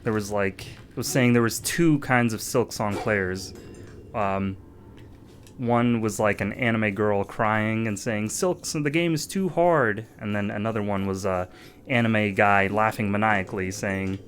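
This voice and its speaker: A man's voice: fairly low pitch, steady tone, measured pace, fairly bright tone, slight background noise. A man giving casual gameplay commentary, thinking aloud with lots of fillers. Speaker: let's-play gamer.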